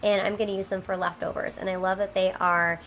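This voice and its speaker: A woman's voice: medium pitch, little pitch movement, fast talker, a bit bright, a little hiss or hum. A woman in her thirties, sounding a little nasal from a cold, chatting upbeat with small fillers while she cleans her kitchen. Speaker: home vlogger. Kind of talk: casual talk over cleaning footage.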